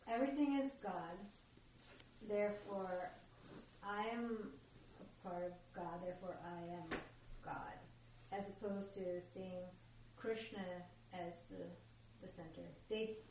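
A woman in the audience of a class, asking quick, inquisitive questions. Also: medium pitch, darkish tone. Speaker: student in class. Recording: distant, echoey, with faint noise.

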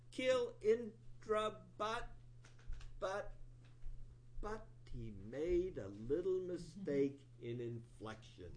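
A man giving a sermon, retelling an old scripture story in an animated storytelling voice with rising emphasis. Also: fairly high pitch, a little hiss or hum. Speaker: preacher.

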